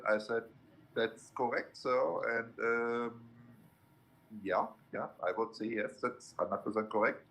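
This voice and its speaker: A man's voice: medium pitch, a bit bright, rough recording. A man from Germany with a German accent, telling stories in a casual chat as a guest on a livestream. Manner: halting, storytelling, recounting conversations. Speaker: guest trucker.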